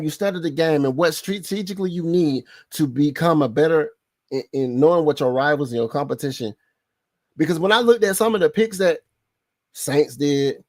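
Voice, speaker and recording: A man's voice: fairly high pitch, no echo, studio quality. A man hosting a live sports podcast, casual and slangy, laughing often and repeating himself for emphasis.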